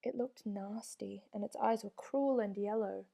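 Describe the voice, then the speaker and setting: A woman reading a children's storybook aloud with steady, expressive narration. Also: medium pitch, unhurried, creaky. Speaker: reader.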